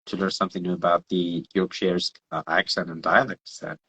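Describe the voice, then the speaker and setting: A man talks in a casual conversation with a very low, deep voice. He speaks haltingly, often repeating words while he reaches for the next phrase. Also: level tone, bright, forceful tone, slightly rough, poor audio. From Iran. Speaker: guest, English teacher.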